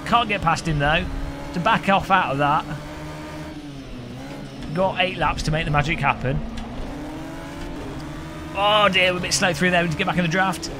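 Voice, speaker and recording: A man streaming a racing game live, joking with chat and commentating excitedly. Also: high-pitched, normal speed, pauses often. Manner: excitable, jokey banter with chat. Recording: game engine noise behind voice.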